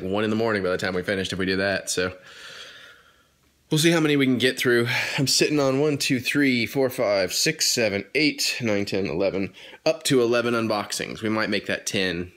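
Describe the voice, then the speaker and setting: A man's voice: fairly low pitch, a bit bright. A tired man rambling casually to his camera in a weekly vlog, swearing now and then. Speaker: vlogger.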